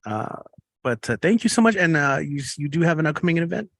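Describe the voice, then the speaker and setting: A man's voice: fairly high pitch, lively intonation, fast, vocal fry, a bit bright, no echo, clean studio sound. A man hosting an online open mic from home over a video call, upbeat and chatty, with fillers and self-corrections.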